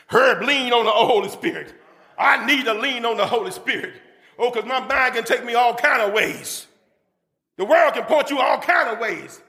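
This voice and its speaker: A man preaching a sermon to a congregation, fervent, breaking into shouts and calling for amens. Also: very high voice, normal speed. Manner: fervent, with shouted bursts and call-and-response to the congregation. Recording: long reverb of a church hall.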